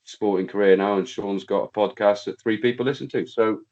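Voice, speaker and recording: A man's voice: lowish voice, fairly even intonation, brisk, a little mellow, muffled recording. A man co-hosting a podcast in casual chat, rambling and searching for his words in a matey way.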